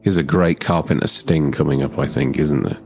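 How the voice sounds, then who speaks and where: A man's voice: extremely low pitch, steady tone, normal speed, vocal fry, a little mellow, faint music behind. A man co-hosting a movie watchalong, chatting casually and laughing often. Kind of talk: casual chat over a film.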